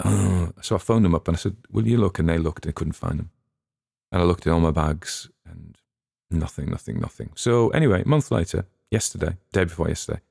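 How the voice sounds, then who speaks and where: A man's voice: low voice, creaky, a little mellow, dry recording, studio quality. A man, hosting a podcast and chatting in a rambling, musing way with plenty of restarts. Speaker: podcast host. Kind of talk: casual rambling commentary.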